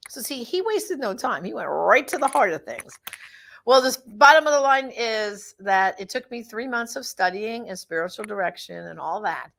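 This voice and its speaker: A woman's voice: medium pitch, expressive, normal speed, gravelly, fairly bright tone. A middle-aged woman giving a casual personal testimony, telling her story and acting out the voices of the people in it. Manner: storytelling, acts out quoted voices.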